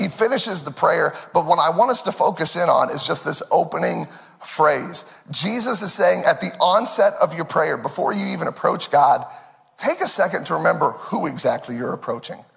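A male pastor preaching a sermon in a conversational, animated way, laughing often. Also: on the high side, creaky. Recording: long reverb.

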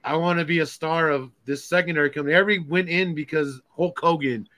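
Bright-voiced laid-back podcast host. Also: male voice, on the high side, fairly even intonation, fast. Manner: laid-back, laughs often. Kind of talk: casual chat.

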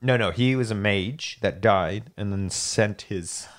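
A man hosting a casual chat, telling stories in an animated way and laughing often. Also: measured pace, crowd noise. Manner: animated storyteller, laughs often, jumps up in pitch when excited. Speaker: podcast host.

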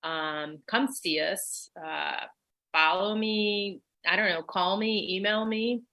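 A woman's voice: mid-range voice, takes it slowly, bright, forceful tone. A woman who runs a dance company, a guest on a radio show, talking in an enthusiastic, playful way. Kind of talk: casual radio interview.

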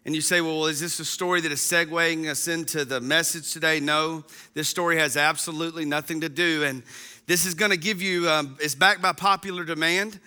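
A man's voice: on the high side, fairly even intonation, a little fast, sharp tone, smooth. A man in his thirties giving a casual, folksy sermon as a pastor to an online congregation, chatty with frequent ums.

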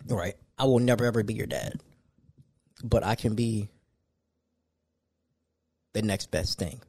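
Laid-back man with a low, mellow voice. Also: measured pace. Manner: casual, conversational, animated when ranting. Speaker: podcast host. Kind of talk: solo podcast monologue.

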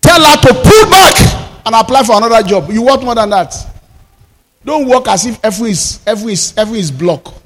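A Nigerian man preaching a sermon as pastor, with fervent declarations that rise into shouts. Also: extremely high pitch, lively intonation, fast, in a large hall.

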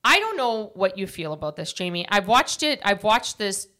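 A woman's voice: mid-range voice, big pitch swings, moderate pace, bright, forceful tone. A woman co-hosting a casual podcast, telling stories and acting out quotes. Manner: chatty storyteller, acts out quotes. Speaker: podcast co-host.

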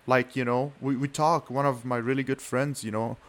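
A young man musing on a podcast, rambling along with frequent "you know" fillers and casual swearing. His voice sits at an ordinary middle pitch, relaxed and conversational. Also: moderate pace. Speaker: podcast co-host. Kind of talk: casual chat.

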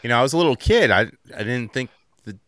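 Lively joking male podcast host. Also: medium pitch, quick pace, dry recording, studio quality. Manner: joking, takes calls, laughs often. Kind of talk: casual comedy podcast chat.

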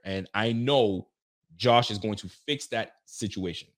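A man doing casual reaction commentary as a sports fan, excitable and ranting, laughing often. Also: on the low side, slow pace.

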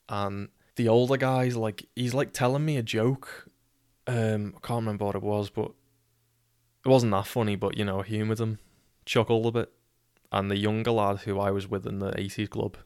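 A man's voice: on the low side, clear, resonant tone, no room sound, clean studio sound. A young man with a Scouse accent telling a rambling, wry, swear-heavy anecdote. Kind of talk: casual storytelling.

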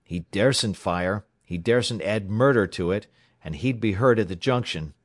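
A man voicing a tough, hot-tempered railroad worker in an adventure audiobook. He barks sharp commands in a low voice, recorded dry and close. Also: normal speed, dry recording, natural voice. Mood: steady.

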